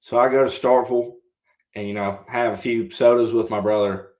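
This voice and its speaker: A man's voice: medium pitch, fairly even intonation, a little fast, a little mellow. A young man in his twenties, a podcast guest and former college quarterback, telling a long story in a casual way and answering politely with "yes, sir.". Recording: roomy echo.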